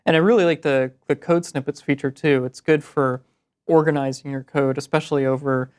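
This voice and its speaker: A man co-hosting a tech show explains web tools in a relaxed, easy manner. His voice is smooth and clear, at a middle pitch. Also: a little fast. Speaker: co-host. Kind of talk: casual tech show chat.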